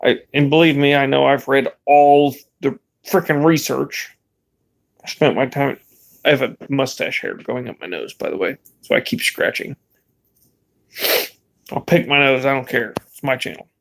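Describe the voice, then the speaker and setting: A man's voice: medium pitch, normal speed, vocal fry. A young man vlogging in a rambling, laid-back way, swearing casually as he chats. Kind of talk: casual vlog chat.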